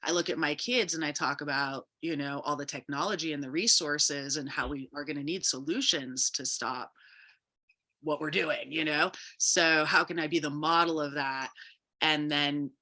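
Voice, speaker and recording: Bright low-voiced woman guest, reflective. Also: fairly even intonation, normal speed. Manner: reflective, rambling. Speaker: guest, company co-founder. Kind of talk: casual interview chat.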